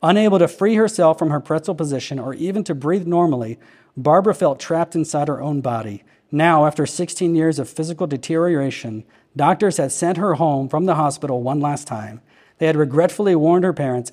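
A man reading a healing account aloud in an earnest, steady narration, with occasional slips and restarts. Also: a little high, fairly quick. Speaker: reader of a testimony.

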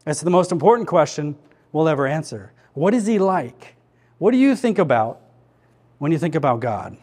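A man's voice: a little high, darkish tone, slightly rough. Earnest male pastor preaching a sermon. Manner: conversational, earnest preaching with repeated questions. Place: church.

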